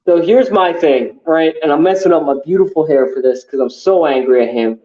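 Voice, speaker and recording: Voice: medium pitch, brisk, highs cut off. A podcast co-host in casual sports chat, ranting heatedly with lots of swearing and fillers.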